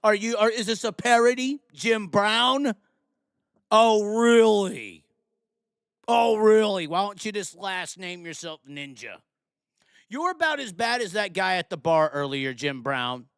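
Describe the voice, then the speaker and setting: Sarcastic ranting man, high and smooth. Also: expressive, normal speed, fairly bright tone, no room sound, clean studio sound. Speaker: live stream host. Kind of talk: live call-in chat show.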